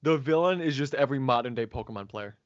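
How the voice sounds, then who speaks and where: A man's voice: medium pitch, lively intonation, quick pace, no room sound, dull audio. A man co-hosting a podcast in casual chat, who laughs often and acts out quotes as he talks. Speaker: podcast co-host.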